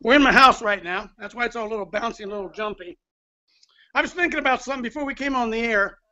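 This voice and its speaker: A man with a high, bright voice hosts a casual talk from inside his house. He rambles and apologizes as he goes. His phone captures the sound, so it is a bit dull, with faint music behind. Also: fast talker. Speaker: host. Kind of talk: casual live-stream chat. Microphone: phone held by the speaker.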